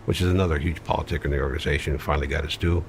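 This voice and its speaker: A man with a very deep, low voice tells his story in an interview. He is blunt and matter-of-fact, swears casually and pads his sentences with fillers. A faint hum of noise sits behind him. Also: fairly even intonation, racing. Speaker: interview guest recounting his past. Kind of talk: conversational storytelling.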